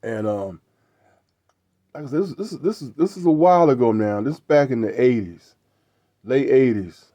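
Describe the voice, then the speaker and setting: A man's voice: mid-range voice, lively intonation, moderate pace, pauses often, mellow, no room sound. A middle-aged man hosting a show, telling a casual story in a rambling way, repeating words and tagging lines with "right?". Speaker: show host.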